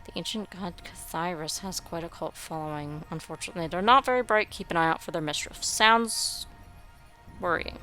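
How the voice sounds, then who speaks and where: A woman's voice: on the low side, moderate pace, sharp tone, faint music behind. A young woman giving wry, sarcastic commentary while playing a building game. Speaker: game streamer. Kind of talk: gameplay commentary.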